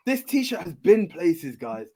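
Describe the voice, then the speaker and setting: High-voiced chatty podcast co-host man. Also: sing-song, takes it slowly, mellow. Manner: chatty storytelling with stammered restarts. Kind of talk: casual podcast chat.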